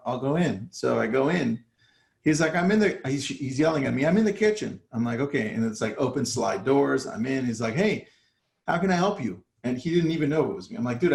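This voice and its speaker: A man's voice: medium pitch, creaky, roomy sound. A man coaching real estate agents in a casual live talk, acting out his phone calls with sellers. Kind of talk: live online training talk.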